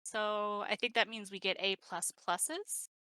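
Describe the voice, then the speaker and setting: Woman host, bright dry close voice, playful and giggly, chatty stream sign-off. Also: medium pitch, steady tone, unhurried, no room sound, poor audio. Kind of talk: casual chat.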